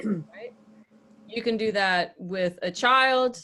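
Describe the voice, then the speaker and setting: A woman coaching a small group on a podcast, plain and direct. She speaks at a middle pitch in a firm, matter-of-fact way. She often acts out short examples as she goes. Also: slow, pushed and bright. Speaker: podcast host and relationship coach.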